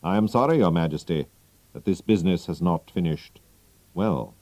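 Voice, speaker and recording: A man reading aloud, voicing a confident male detective who explains briskly. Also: sits low, expressive, dark tone, no echo. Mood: cool. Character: sharp, confident male detective, middle-aged.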